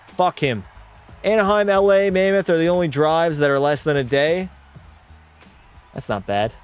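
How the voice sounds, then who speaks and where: Excitable young man calling game play. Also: on the high side, normal speed, long pauses, clean tone, faint music behind. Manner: excitable play-by-play, swears freely, talks to chat. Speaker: gaming streamer. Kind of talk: live hockey video game commentary.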